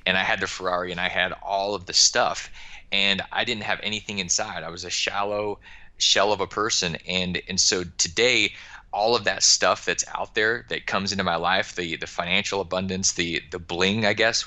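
A man's voice: deep voice, pushed and bright. A man being interviewed on a podcast, talking about money in an emphatic, motivational way with frequent word repeats. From United States. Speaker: guest, financial advisor.

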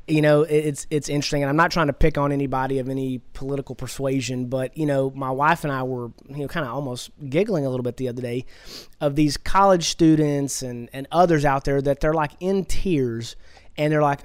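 A man's voice: medium pitch, a little fast, clean tone, no room sound. A man hosting an interview podcast, chatty and agreeable, with lots of fillers and restarts. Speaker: podcast host.

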